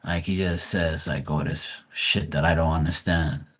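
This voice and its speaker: A man's voice: extremely low pitch, steady tone, normal speed, a bit bright. A man chatting casually on a livestream, blunt and profane, rambling with frequent restarts. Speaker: live stream host.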